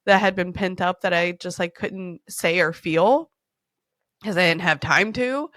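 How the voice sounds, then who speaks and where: A woman's voice: fairly low pitch, unhurried, fairly bright tone, no echo, clean studio sound. A woman in her thirties hosting a podcast, telling stories in a candid, swearing, laughing way. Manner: candid, profane, laughing storyteller. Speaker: podcast host. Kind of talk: casual storytelling chat.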